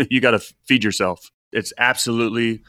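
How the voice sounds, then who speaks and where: A man's voice: mid-range voice, steady tone, fairly quick, sharp tone, dry recording. A man in his forties, a financial advisor hosting a podcast, talking earnestly and reflectively with frequent restarts. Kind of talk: casual podcast chat.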